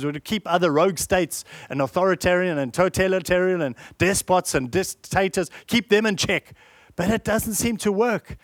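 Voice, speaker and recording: A man's voice: high-pitched, no room sound, clean studio sound. A man preaching a sermon, earnest and full of rhetorical questions.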